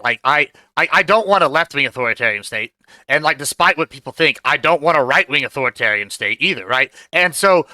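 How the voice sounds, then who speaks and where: A man's voice: fairly high pitch, bright, forceful tone, no room sound. A man from Texas, a guest on a live stream panel, talking in a rambling, hesitant way. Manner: rambling, hesitant, many fillers and restarts. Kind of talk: casual opinion chat on a stream.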